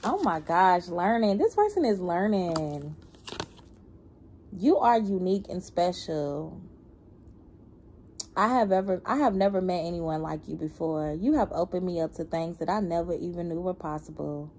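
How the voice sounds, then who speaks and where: A woman's voice: fairly low pitch, normal speed. Woman doing a card reading, loose slangy talk, hums n laughs, bit of faint hiss behind. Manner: animated, slangy, laughing and humming between lines. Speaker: tarot reader. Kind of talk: casual spiritual reading.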